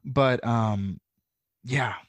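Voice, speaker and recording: A man's voice: medium pitch, very slow, no echo. A man from the American South with a faint Southern drawl, talking as a podcast guest in a rambling, filler-heavy way and swearing freely. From Southern United States. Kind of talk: casual podcast chat.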